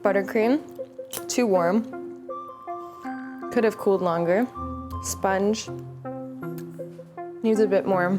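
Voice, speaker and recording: A woman baking vlogger chatting playfully and jokily in her home bakery, music behind. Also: medium pitch. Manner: playful, jokey. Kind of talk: casual chat. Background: background music.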